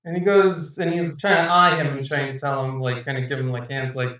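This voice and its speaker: A man's voice: medium pitch, steady tone, a little fast, sharp tone, very echoey, far from the mic, lo-fi sound. A man narrating as game master of a tabletop game, rambling and hesitant with fillers.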